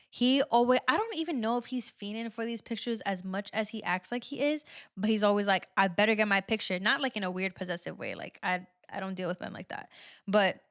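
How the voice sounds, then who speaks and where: On her podcast, a young woman chats casually by herself, giving frank relationship advice and leaning heavily on "like" as a filler. Her voice is medium in pitch, and the studio sound is clean with no echo.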